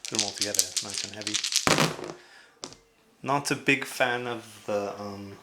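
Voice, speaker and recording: A man's voice: on the low side, steady tone, unhurried, sharp tone, slight background noise, poor audio. A man chatting casually as he unboxes a board game, rambling with lots of fillers and asides.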